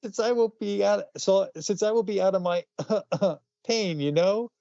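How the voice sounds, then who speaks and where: A man voicing a sickly little blind boy who pleads in a high, trembling child voice. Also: measured pace, gravelly, dark tone, dry recording. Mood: pitiful, pleading. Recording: dull lo-fi sound.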